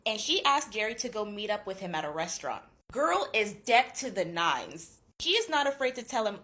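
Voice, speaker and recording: A young woman in her twenties recapping a book in a gossipy, casual way. Her voice swings widely in pitch as she reacts. She swears freely, like chatting with a friend. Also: big pitch swings, moderate pace, few pauses, fairly bright tone. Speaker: booktuber.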